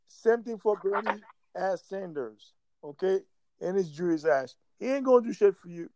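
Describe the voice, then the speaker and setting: High-voiced gravelly man ranting. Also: animated, normal speed, darkish tone, no room sound. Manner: rambling, profane, laughs often. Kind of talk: casual chat.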